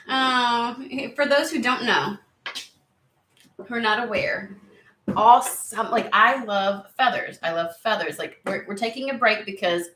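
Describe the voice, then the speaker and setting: A woman's voice: a little high, slow, fairly bright tone, echoey room. A woman giving a casual tarot reading to camera, chatty and rambling, easily sidetracked. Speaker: tarot reader.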